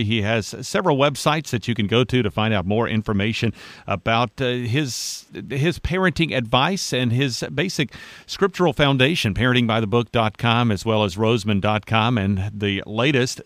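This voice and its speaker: A man's voice: medium pitch, a bit bright, dry recording. Dry-voiced male radio host. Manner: deliberate, conversational questioning. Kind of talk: radio interview.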